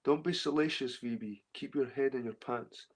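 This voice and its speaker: A man's voice: medium pitch, normal speed. Rambling, swearing Scottish man. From Scotland. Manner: rambling, swearing, repeats himself. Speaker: livestream host reading chat. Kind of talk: casual livestream chat.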